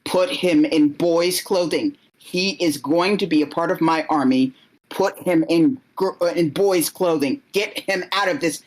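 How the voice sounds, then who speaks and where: A woman voicing a harsh, commanding male king who barks curt orders in a slow, unhurried delivery. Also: very deep voice, poor audio. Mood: stern. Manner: curt orders, yells for guards.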